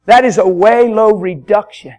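A traveling male preacher with a strikingly high voice delivers an unplanned sermon in a church. He talks fervently and plainly, stacking repeated phrases and climbing into loud shouts. The sound comes from a pulpit microphone. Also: moderate pace. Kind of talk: spontaneous sermon. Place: church hall with congregation.

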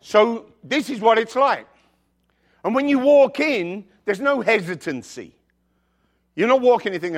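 Lively, slightly high-voiced male preacher. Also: moderate pace, long pauses. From outside the United States. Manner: animated, emphatic, jokey asides. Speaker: pastor. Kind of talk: sermon with personal storytelling.

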